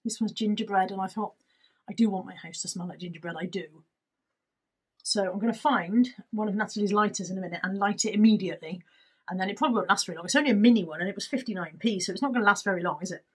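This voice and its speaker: Chatty husky woman. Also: mid-range voice, rapid-fire, low-quality recording. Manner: chatty, rambling, self-deprecating. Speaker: YouTuber showing a shopping haul. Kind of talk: casual haul vlog. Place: indoors at home, at a table. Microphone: camera on the table.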